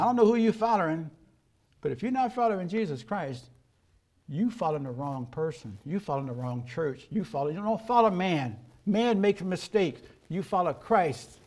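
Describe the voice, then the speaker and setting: A man's voice: high-pitched, darkish tone. An older man preaching a sermon as pastor, folksy and emphatic, asking the congregation rhetorical questions.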